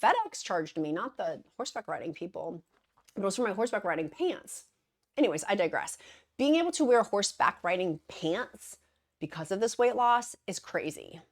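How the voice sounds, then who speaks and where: A woman talks casually to her viewers, rambling from one side note to the next and calling them besties. Her voice sits at an ordinary middle pitch, and her tone is friendly and chatty throughout. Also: very animated, normal speed. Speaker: vlogger. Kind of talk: casual chat to camera.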